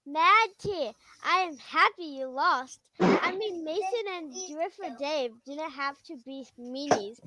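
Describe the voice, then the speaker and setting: A squeaky, childish sidekick voice, put on by a man, taunts and gloats from a distance. It is high and very bright, and it drags its words out slowly. It sounds faint, as if it comes from off mic. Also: heavily acted. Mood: gloating.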